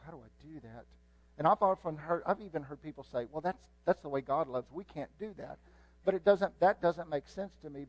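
Man, preacher, sermon, earnest, slightly high voice, dry close sound, slow emphatic stresses, soft trailing endings. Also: no room sound, low-quality recording.

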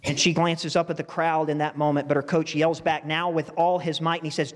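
A man's voice: on the high side, little pitch movement, a little fast, long reverb tail. A male pastor preaching a sermon in a conversational style, with asides to the congregation.

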